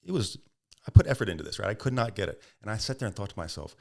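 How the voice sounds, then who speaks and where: Talking at a racing clip with a lowish voice and some vocal fry, a middle-aged podcast guest tells long stories in an interview. He performs the people he quotes, keeps his anecdotes lively, and laughs.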